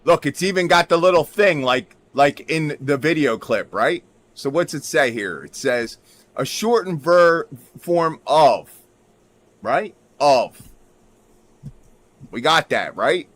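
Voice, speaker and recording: A man's voice: a little high, lively intonation, takes it slowly, fairly bright tone, no room sound. A man hosting a livestream, talking in a rambling, emphatic way and asking "right?" again and again while looking things up at his computer. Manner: repeats "right?" constantly, emphatic, drifts into mutters. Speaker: livestream host.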